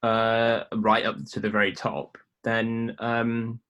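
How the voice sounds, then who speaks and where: A man with a fairly low voice talks shop as a podcast guest. He speaks in an easygoing, halting way, circling back and restarting his sentences. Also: clear, resonant tone, lo-fi sound. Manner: relaxed and hesitant, with many fillers and restarts. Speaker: filmmaker guest. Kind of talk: casual podcast chat.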